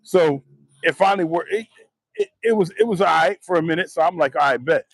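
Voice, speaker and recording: A man's voice: high voice, brisk. Fired-up man ranting casually. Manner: profane, animated storytelling. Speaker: vlogger. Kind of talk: casual vlog rant.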